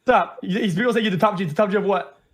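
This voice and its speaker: High, fast, halting young-sounding man. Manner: halting, stumbling restarts. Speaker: streamer on debate panel. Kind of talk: casual debate on a livestream.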